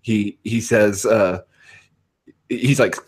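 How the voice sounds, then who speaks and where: A man with an American West Coast accent in casual podcast chat, hesitant and halting with many fillers. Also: on the low side, steady tone, breathy edge.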